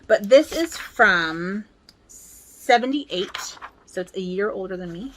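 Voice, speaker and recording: A woman's voice: mid-range voice, sing-song, moderate pace, a bit bright. A woman in her forties, chatting casually and rambling a little as she shows her stitching books at home. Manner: chatty, upbeat, rambling with fillers. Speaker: cross-stitch vlogger. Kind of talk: casual chat.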